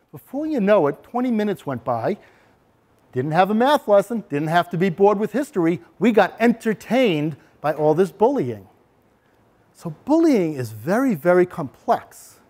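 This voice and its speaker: A man's voice: high voice, big pitch swings, moderate pace. A man giving a talk on bullying prevention to parents, animatedly speaking in the first person as a bully. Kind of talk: lecture with role-play.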